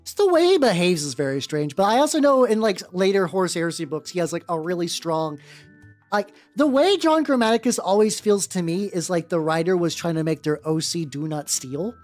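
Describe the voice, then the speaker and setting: Woman streamer with a fairly low voice, rambling and opinionated while painting, faint music underneath. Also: big pitch swings, fairly quick, darkish tone. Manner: rambling, filler-heavy, greets chat viewers; blunt and opinionated, casual swearing. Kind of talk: casual chat while painting. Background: faint background music.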